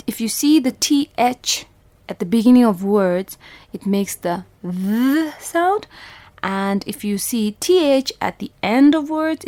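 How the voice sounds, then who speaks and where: A phonics teacher with a Bhutanese English accent patiently sounds out every letter and repeats each word for young children. She speaks at medium pitch with a darkish tone.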